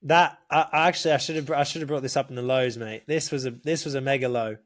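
A man telling a story in casual podcast chat, animated, swearing often and calling the listener mate. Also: medium pitch, fast talker. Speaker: podcast guest.

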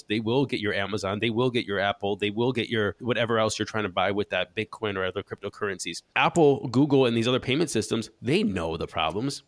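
Male podcast host, lowish voice, casual news commentary with wry asides. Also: no echo. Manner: wry, offhand asides while reading news.

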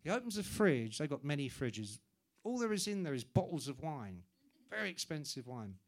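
At a moderate pace and in a fairly high voice, a live podcast host recounts an anecdote. His storytelling is animated, full of free swearing and acted-out voices.

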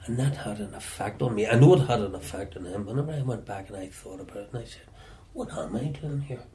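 A Northern Irish man telling stories from his past in an interview, often halting and repeating words as he searches for them. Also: fairly low pitch, mellow, slight background noise. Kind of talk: reflective storytelling.

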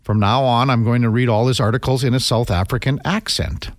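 A man's voice: mid-range voice, steady tone, a little fast, no echo, studio quality. A man hosting a casual morning radio show, rambling and chatty with lots of fillers.

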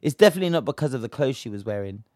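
A man's voice: medium pitch, lively intonation, very fast, dark tone, no room sound, studio quality. A young British man from Bristol giving a heated, slang-filled commentary rant, indignant and emphatic. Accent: British English. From Bristol, England.

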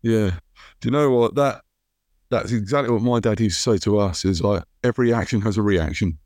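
A man hosting a podcast, chatting in a relaxed, agreeable way. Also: fairly low pitch, brisk, no room sound, clean studio sound. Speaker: podcast host. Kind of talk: casual conversation.

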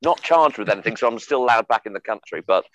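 A man and comedian guest on a podcast, telling comic stories with animated delivery and stumbling restarts. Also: fairly low pitch, quick pace, muffled recording.

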